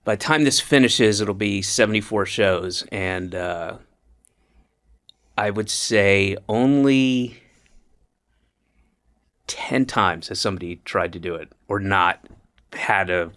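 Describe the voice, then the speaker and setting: A podcast host chatting casually with a guest. His voice sits somewhat low, and he tells his stories in an offhand, conversational way. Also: slow, long pauses, a bit bright. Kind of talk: casual chat.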